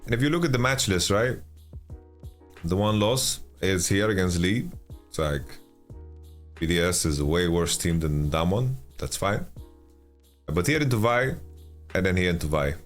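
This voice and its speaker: A man giving casual esports commentary on a stream, sleepy and yawning, with relaxed speech and stammering restarts as he answers chat. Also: low voice, normal speed, pauses often, soft background music. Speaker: esports caster and analyst.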